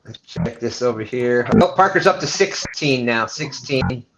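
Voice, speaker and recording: A man's voice: mid-range voice, lively intonation, unhurried. A man hosting a live fishing stream, casually chatting and reading viewer comments aloud. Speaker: livestream host. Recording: dull lo-fi stream audio with noise.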